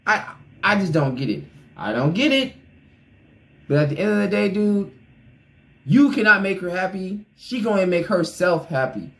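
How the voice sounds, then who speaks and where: High-voiced blunt man ranting. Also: normal speed, vocal fry, long pauses, poor audio. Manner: blunt, opinionated, animated; talks straight to the person he reacts to. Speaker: reaction video host. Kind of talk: casual reaction commentary.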